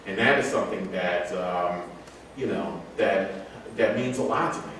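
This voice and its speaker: Casual male storyteller with a low voice, recorded from afar with faint room noise. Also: a little slow, a bit bright. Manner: rambling, laid-back, swears casually, laughs often. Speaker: speaker telling travel stories. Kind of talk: casual public talk with audience questions. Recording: echoey room, mic far off, faint noise.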